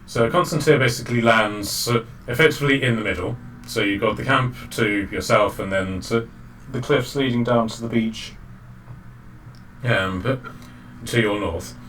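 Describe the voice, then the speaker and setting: A man narrating as game master of a tabletop game, halting often with fillers and restarts. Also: mid-range voice, a bit bright. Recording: distant mic, faint background noise.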